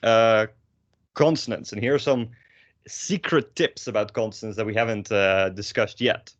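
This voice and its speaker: A man's voice: fairly low pitch, moderate pace, no room sound, lo-fi sound. A young man with a Dutch accent, teaching a language lesson in a rambling way with many fillers and self-corrections. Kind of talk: online lesson. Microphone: own microphone with a pop filter.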